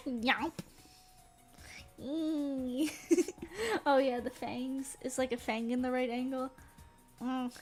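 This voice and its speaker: A young woman streamer chats casually on a live stream, rambling and giggling between sentences and laughing often. Her high-pitched voice has lively intonation, but she talks extremely slowly with long pauses. Faint music plays behind her.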